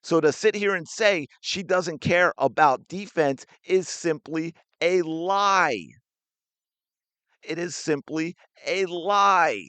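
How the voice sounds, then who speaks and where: A man's voice: on the high side, slow pace, a bit bright, clear, resonant tone, no room sound. A man hosting a sports podcast, ranting with indignant, sarcastic commentary while reacting to a clip.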